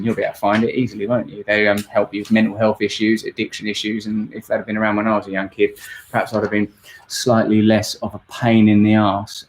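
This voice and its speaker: A man's voice: on the low side, slight background noise. A man, hosting a rambling, jokey live-stream Q&A. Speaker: host.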